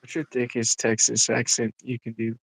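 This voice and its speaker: A man's voice: mid-range voice, completely flat delivery, moderate pace, vocal fry, no room sound, rough recording. Man in his own voice livestream co-host, rambling casual chat, dry close sound. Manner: rambling, filler-heavy, "you know what I'm saying".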